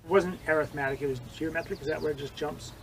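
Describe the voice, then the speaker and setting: An older man telling vivid stories in an interview, acting out quoted lines and swinging between loud and hushed. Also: on the high side, quick pace, vocal fry, slight background noise, poor audio. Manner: animated storyteller, acts out quotes, swings loud and soft. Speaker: interviewee, former judo training partner. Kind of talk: storytelling interview.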